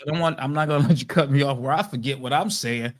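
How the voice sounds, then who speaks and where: A man's voice: mid-range voice, quick pace. Teasing man full of "you know". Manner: teasing, filler-heavy, keeps saying "you know". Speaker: podcast co-host. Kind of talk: casual podcast banter.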